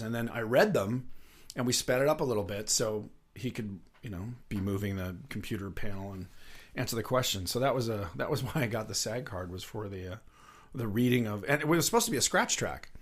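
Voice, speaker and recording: A middle-aged man who is a guest on an interview show, telling rambling, lively anecdotes and laughing often. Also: lowish voice, a little fast. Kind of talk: casual anecdotal storytelling.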